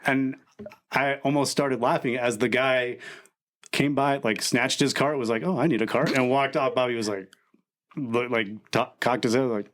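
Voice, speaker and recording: A man's voice: medium pitch, fairly even intonation, moderate pace, fairly bright tone. A man co-hosting a faith-based podcast, talking casually and rambling with lots of restarts and fillers. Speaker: podcast co-host.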